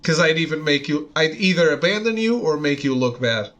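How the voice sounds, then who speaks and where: A young man chats casually over a game stream, joking, laughing often, and poking fun at himself. His voice is fairly high and fairly bright, and he talks a little fast. Game music plays faintly behind him.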